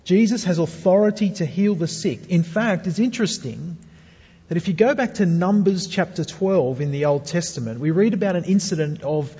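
A man's voice: high voice, expressive, normal speed, warm tone, husky. A male pastor preaching a sermon, earnest and speaking to the congregation with rhetorical questions. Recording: dull sound with long hall reverb.

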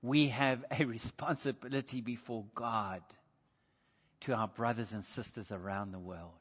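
A man preaches a sermon in earnest, his mid-range voice steady, a little slow, and a bit bright. He poses rhetorical questions to his listeners and reads scripture aloud, captured in a dull recording with long hall reverb.

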